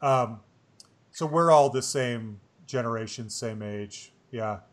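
Forties male host; chatty, rambling, mid-pitched, quick to laugh. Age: 40s. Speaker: podcast host. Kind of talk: casual chat.

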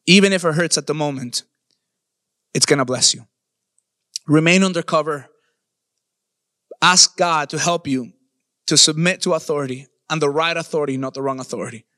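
Male pastor, high bright voice, emphatic sermon delivery, dry close sound. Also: dry recording. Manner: emphatic, stretches key words, bursts into shouts.

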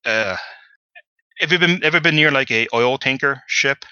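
Male game master for a tabletop session; halting narration, bright voice, close dry sound. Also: medium pitch, clear, resonant tone, no echo, dull audio. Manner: hesitant, many fillers.

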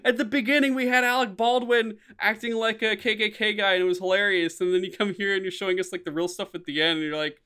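A young man co-hosting a podcast in casual chat, rambling and swearing, his voice jumping high whenever he acts out a reaction. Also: fast talker, few pauses, smooth. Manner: rambling, animated, swears often, voice jumps high when quoting reactions. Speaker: podcast co-host.

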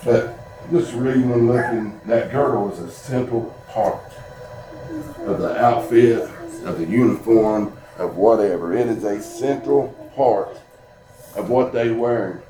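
A man preaching an earnest sermon at a church service, telling stories and slowing down to read scripture. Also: medium pitch. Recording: echoey church room with music behind.

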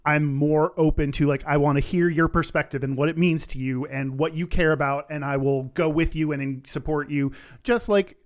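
Slightly high-voiced dude cohosting a podcast, chill, swears a lot. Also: male voice, steady tone, moderate pace. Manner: earnest, loose, swears casually. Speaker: podcast co-host. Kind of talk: casual chat.

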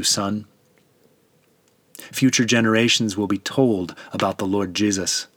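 A low, solemn voice of God the Father, grieving yet tender, as a male narrator voices him. He speaks in a measured, dramatic scripture reading, close and dry with no room around the voice. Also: no room sound.

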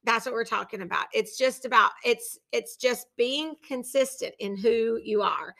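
Middle-aged woman host, loud and animated, high bright voice, easy podcast chat. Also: moderate pace, vocal fry. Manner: loud, animated, laughs often.

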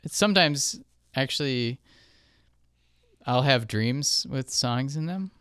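Guy w a lowish smooth voice chatting loosely, lots of ums, dry close mic. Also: slow, no room sound. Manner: relaxed, thinks aloud with fillers. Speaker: film composer. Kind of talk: casual podcast chat.

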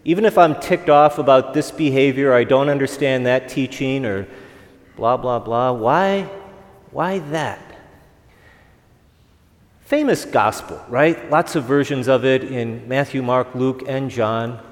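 A man's voice: medium pitch, unhurried. A man, a priest, giving a conversational homily at an evening Mass, asking the congregation rhetorical questions. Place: church. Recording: long reverb of a church.

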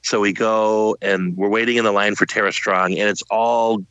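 A middle-aged man co-hosting a podcast, telling an anecdote in relaxed casual chat. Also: on the low side, normal speed, smooth, dry recording, highs cut off. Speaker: podcast co-host.

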